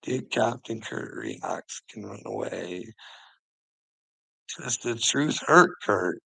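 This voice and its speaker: A man's voice: lowish voice, takes it slowly, creaky, pushed and bright, slightly rough, no room sound, rough recording. A man ranting on a livestream, preachy and taunting, swearing and mocking the person he addresses. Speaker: channel host. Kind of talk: confrontational livestream rant.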